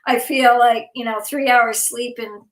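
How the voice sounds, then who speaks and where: A woman's voice: a little high, steady tone, unhurried, echoey room, rough recording. A woman hosting a live online event, talking in a rambling, emotional way and laughing often, worn out and overtired. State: exhausted, overtired. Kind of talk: casual heartfelt chat.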